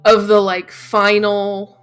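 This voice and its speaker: A woman's voice: mid-range voice, completely flat delivery, slow pace, clear, resonant tone, soft background music. A young adult woman co-hosting a podcast, chatting candidly and casually, with the odd swear word. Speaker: podcast co-host. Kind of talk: casual chat about video games.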